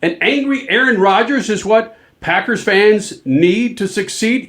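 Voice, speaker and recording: A man hosting a sports talk show, joking and ranting about athletes in loud, excitable banter. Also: high voice, unhurried, few pauses. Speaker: sports radio host.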